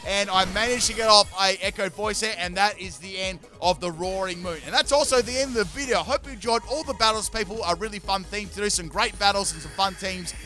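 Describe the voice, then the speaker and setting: A young gaming-channel host gives chatty, joking voice-over commentary on his battles, tossing in self-mocking asides. His voice sits high and bright, brisk with few pauses, and forceful in tone.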